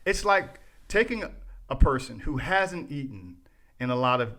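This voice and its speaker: A man's voice: medium pitch, sing-song, normal speed, fairly bright tone. A man co-hosting a podcast, ranting in casual chat, restarting phrases and talking straight to his listeners. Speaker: podcast co-host.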